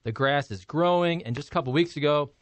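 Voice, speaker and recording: A man's voice: on the high side, a little fast, no room sound. A man co-hosting a radio show, reading a sponsor ad live with upbeat, salesy enthusiasm. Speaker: radio co-host. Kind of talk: ad live read.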